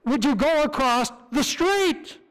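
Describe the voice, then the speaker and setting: A man's voice: very high voice, lively intonation, slow pace, fairly bright tone, low-quality recording. A man preaching as a visiting missionary, speaking in an earnest, conversational manner with frequent restarts. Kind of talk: sermon. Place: church sanctuary.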